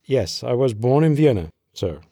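A man's voice: mid-range voice, big pitch swings, moderate pace, mellow, breathy edge, no room sound. Man voicing a wry young corporal, dry, guarded, in the narrator's own voice. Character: tired, hungry, wry young male corporal.

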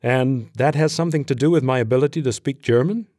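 A man's voice: mid-range voice, fast, a little mellow, dry recording, voice pushed up, lightly acted. Man voicing a wry young corporal, dry, guarded, in the narrator's own voice. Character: tired, hungry, wry young male corporal.

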